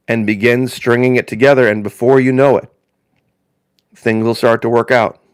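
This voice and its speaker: A man's voice: mid-range voice, fairly even intonation, normal speed, clear, resonant tone, no echo, clean studio sound. A man from northern Indiana hosting a live stream in casual chat, rambling in a folksy way and repeating phrases for emphasis.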